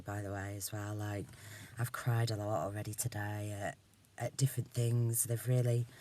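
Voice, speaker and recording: A man speaking a casual personal monologue. He rambles, swears often and is candid, drifting between topics and trailing off into quiet asides. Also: medium pitch. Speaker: vlogger.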